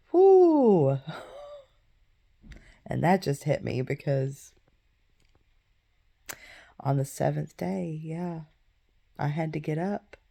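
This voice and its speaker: A woman's voice: deep voice, vocal fry, mellow. A woman in her thirties, hosting a faith podcast and retelling a Bible story in casual talk, with many fillers and asides. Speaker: podcast host.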